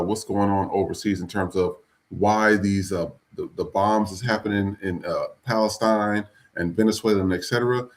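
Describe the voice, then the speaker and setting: A man hosting a live podcast, talking bluntly and profanely in a rambling, casual way with many restarts. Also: on the low side. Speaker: podcast host.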